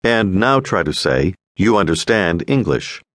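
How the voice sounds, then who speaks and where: A man narrating a scripted audio language lesson, giving prompts in a clear, measured way. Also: deep voice, sing-song, a bit bright, no room sound, studio quality. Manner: clear, measured instructional delivery.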